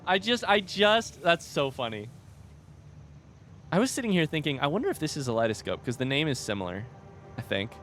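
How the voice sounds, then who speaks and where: A man's voice: mid-range voice, sing-song, a little fast, long pauses. Guy streaming at home, chatty, voice jumps all over, bit of hiss behind. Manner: chatty, reads out viewer comments, coos at a baby. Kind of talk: casual live-stream chat. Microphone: desk microphone.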